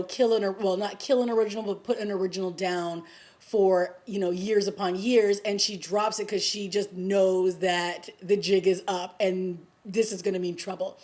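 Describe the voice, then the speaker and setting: A woman recapping a TV episode in a casual vlog, excited and gushing, with lots of fillers, acting out the characters' lines. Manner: acts out quoted lines with raised pitch. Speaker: TV review vlogger.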